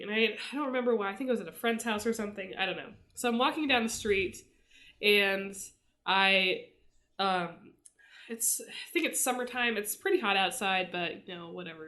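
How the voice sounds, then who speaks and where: A young woman co-hosting a podcast, telling a story in a casual, animated way and laughing often. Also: fairly high pitch. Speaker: podcast co-host.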